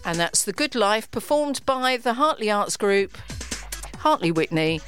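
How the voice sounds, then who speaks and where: A woman presenting on local radio, reading out event listings and dates in an unhurried way and adding a friendly recommendation. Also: mid-range voice, lively intonation, music in the background.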